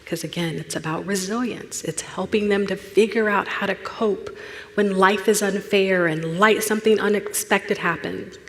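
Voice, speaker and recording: A woman, a therapist speaking at a church, telling a personal story and acting out the voices in it, dropping to a hush at tender moments. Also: medium pitch, moderate pace. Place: church sanctuary. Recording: long hall reverb.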